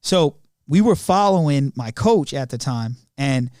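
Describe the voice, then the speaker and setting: A man's voice: medium pitch, lively intonation, measured pace, a little mellow, no echo, clean studio sound. A young man co-hosting a podcast, telling family stories in slangy casual chat, laughing often and acting out the quotes. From Long Island, New York. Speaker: podcast co-host.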